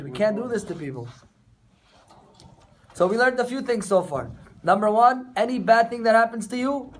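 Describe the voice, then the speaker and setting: Brief: male rabbi, high voice, casual class talk to a small group of students, acts out what people say. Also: animated, moderate pace, long pauses, a little hiss or hum. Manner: conversational, addresses students directly, acts out quotes. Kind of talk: informal Torah class. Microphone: camera recording the class.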